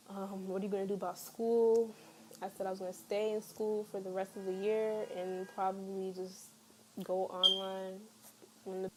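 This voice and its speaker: A woman's voice: mid-range voice, a little hiss or hum, poor audio. A young woman telling a personal story to camera in a casual storytime vlog, candid and chatty with lots of fillers. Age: young adult. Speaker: vlogger.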